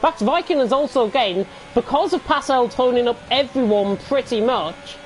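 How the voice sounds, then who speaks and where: A man with a high voice gives enthusiastic colour commentary on a sim race. A faint hiss sits beneath the stream audio. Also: normal speed. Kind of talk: live sim racing commentary.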